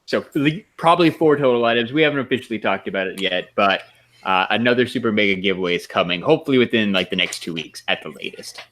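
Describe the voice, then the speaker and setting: Animated bright-voiced podcast co-host. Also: male voice, lowish voice, quick pace, slight background noise. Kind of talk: casual podcast chat.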